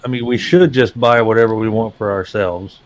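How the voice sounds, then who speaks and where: A man's voice: lowish voice, steady tone, normal speed. A man co-hosting a casual chat over a video call, with a dry joking manner. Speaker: podcast co-host.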